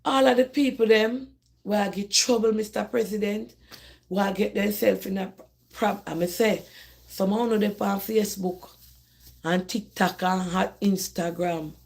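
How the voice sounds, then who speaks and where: A woman's voice: medium pitch, fairly even intonation, unhurried, vocal fry, darkish tone. A middle-aged Jamaican woman hosts a casual live stream from her phone. She speaks with a strong Jamaican accent and talks directly to her viewers. She often repeats words and restarts her sentences as she goes. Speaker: host of a live call-in discussion.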